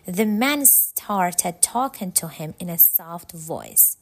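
A woman narrating a storybook in a calm, measured reading voice. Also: fairly low pitch.

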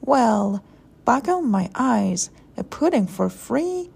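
A woman playing a hungry, rustic tinker from a storybook who bursts out with folksy sayings. The voice is husky and gravelly and unhurried. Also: on the high side, sing-song, a little mellow, heavily acted. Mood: gleeful.

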